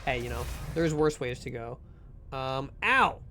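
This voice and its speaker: A man's voice: mid-range voice, measured pace, bright, forceful tone, faint music behind. A young man chatting casually on a game livestream, rambling with many fillers and restarts. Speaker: streamer. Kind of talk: casual livestream chat while gaming.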